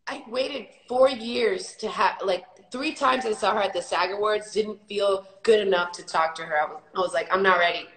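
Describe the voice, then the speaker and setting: A young adult woman hosts a casual live chat, animated and quick to act out the people in her stories. Her voice has a middling pitch and rings a little in an echoey room. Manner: animated storyteller, acts out quoted voices. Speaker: host.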